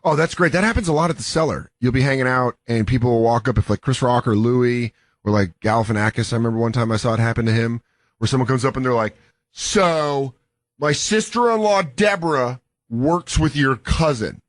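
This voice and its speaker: A man's voice: medium pitch, fast talker, dry recording. A man co-hosting a comedy talk show, joking casually and acting out quoted people. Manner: animated, joking, acts out quoted voices. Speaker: comedy podcast co-host.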